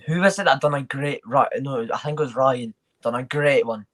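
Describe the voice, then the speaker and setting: A man's voice: medium pitch, brisk, a bit bright. A man hosting a live football watchalong, chatting loosely with banter and restarts. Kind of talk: casual chat.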